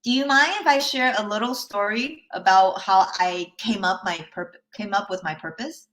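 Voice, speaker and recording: A life coach, this woman speaks at normal speed in a medium-pitched, fairly bright voice during a live online workshop. Her personal story comes out chatty, punctuated by frequent check-ins with listeners and light laughter between points.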